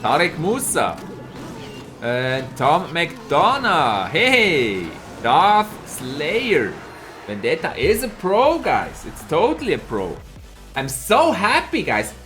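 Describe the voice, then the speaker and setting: Swiss German male caster, lively and chatty, over a low bed of music. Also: slow pace. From Switzerland. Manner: excitable, chatty, reads out chat and laughs. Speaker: esports caster and streamer. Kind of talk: live game commentary.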